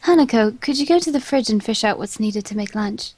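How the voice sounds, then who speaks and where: A woman voicing a gentle, caring young woman who speaks politely, calmly and formally. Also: on the high side, a little fast, breathy edge, no echo.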